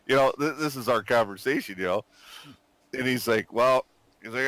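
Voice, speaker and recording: A man's voice: lowish voice, brisk, fairly bright tone, no room sound. A man in his forties telling a profane story in casual chat, swearing constantly and acting out quotes while still sick. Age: 40s. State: recovering from illness, coughing. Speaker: gamer chatting with squadmates.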